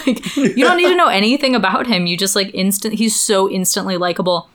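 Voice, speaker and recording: A woman's voice: mid-range voice, fairly quick, few pauses, fairly bright tone. A young woman co-hosting a podcast, speaking enthusiastically and with strong opinions in casual chat. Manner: enthusiastic, opinionated, many "like" fillers. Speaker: podcast co-host.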